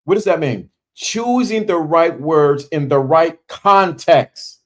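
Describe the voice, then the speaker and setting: Emphatic preacherly man with pauses. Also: on the high side, lively intonation. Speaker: podcast host. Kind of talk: motivational talk.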